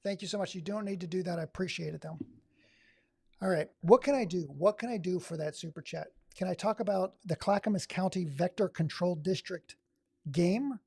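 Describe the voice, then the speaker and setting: A man's voice: high voice, fairly quick, vocal fry, darkish tone, slightly rough, no room sound, studio quality. A man from Oregon hosting a live stream, giving sarcastic, exasperated running commentary. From Oregon, USA. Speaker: livestream host.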